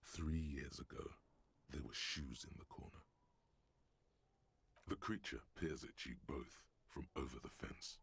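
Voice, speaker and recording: A man voicing a brooding inner-voice narrator in a video game, with a deep, gravelly voice and a grave, measured delivery. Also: fairly bright tone, dry recording, exaggerated voice. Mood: ominous.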